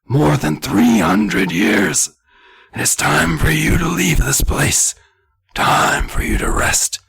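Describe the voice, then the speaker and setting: A man's voice: fairly high pitch, big pitch swings, takes it slowly, vocal fry, husky, dry recording, pitched above the performer's own voice, full character voice. A man putting on a creepy whispering old man. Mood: menacing. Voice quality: strained loud whisper.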